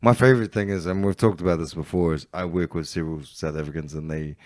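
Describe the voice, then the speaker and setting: A New man co-hosts a podcast with a lively, swooping delivery. He throws in quick jokes and swears freely. The sound is close and dry. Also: deep voice, dry recording. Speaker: podcast co-host. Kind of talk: casual podcast banter.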